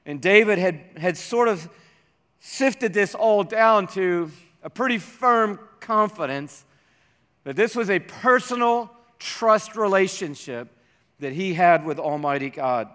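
A man preaching a sermon as a pastor, slowing down and dropping almost to a hush to stress his points. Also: high-pitched, animated. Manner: slows down and drops to near-whispers for emphasis. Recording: reverberant hall.

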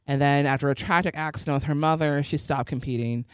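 A woman's voice: low-pitched, steady tone, fast, clean tone, no room sound, clean studio sound. A woman co-hosting a podcast, recapping a film in a loose, rambling way full of fillers, a little tipsy. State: tipsy from drinking. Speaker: podcast co-host. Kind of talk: casual chat.

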